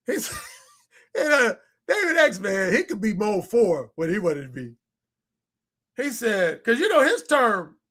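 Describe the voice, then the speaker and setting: A man telling a story in a casual monologue, animated and repetitive, acting out the quotes. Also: high-pitched. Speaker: dating commentator.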